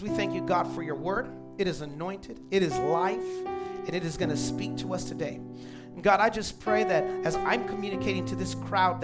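Guy preaching in church, chatty asides to the crowd, music playing behind. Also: sits high. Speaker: pastor. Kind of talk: sermon.

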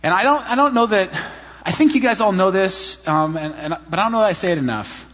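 A man preaching a sermon in a church, telling personal stories in an animated, self-deprecating way. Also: high-pitched, brisk. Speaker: pastor. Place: church sanctuary. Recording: reverberant hall, slightly dull sound.

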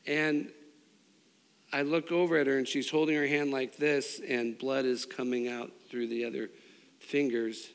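A middle-aged man preaching a sermon, telling a personal story with restarts and swings between loud and hushed. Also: medium pitch, fairly even intonation, unhurried, clear, resonant tone. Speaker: pastor. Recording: long hall reverb.

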